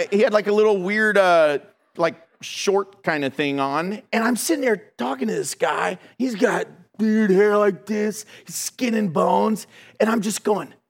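A man preaching a sermon, telling funny stories in an animated way and laughing along with his congregation. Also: high voice. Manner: animated, humorous, laughs between lines. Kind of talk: sermon with storytelling.

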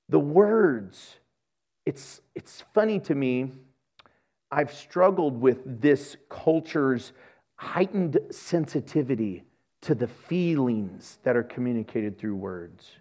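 A man preaching a sermon as pastor, speaking passionately and acting out the voices of the people he quotes. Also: mid-range voice. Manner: animated, jumps between soft asides and loud bursts.

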